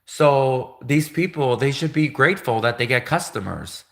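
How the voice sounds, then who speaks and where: A man's voice: medium pitch, animated, normal speed, gravelly. A man on a livestream telling a grievance story in a rambling, repetitive way, sounding aggrieved.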